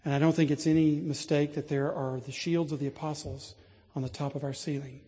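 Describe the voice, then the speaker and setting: A man preaching a sermon in a large church, telling stories earnestly and building to animated emphasis. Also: on the high side, fairly quick. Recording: long reverb of a church.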